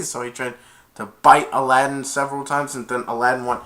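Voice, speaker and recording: Brisk, flat and sharp-toned, this mid-range male voice belongs to a movie reviewer recapping a plot. He rambles casually, linking each event with "and then" and restarting often.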